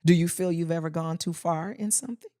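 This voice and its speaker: A woman comedian spins animated, earthy stories as a podcast guest. Her delivery is punchy and full of timing. She sits close to a studio mic in a dry, dead room. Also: lowish voice, brisk, dry recording. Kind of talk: casual podcast chat, storytelling.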